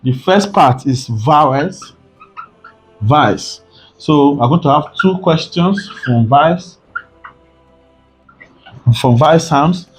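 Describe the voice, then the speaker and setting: A man's voice: fairly high pitch, animated, slow pace, pauses often, faint music behind. A man teaching an exam prep lesson, often repeating points and asking rhetorical "what?" questions. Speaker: tutor.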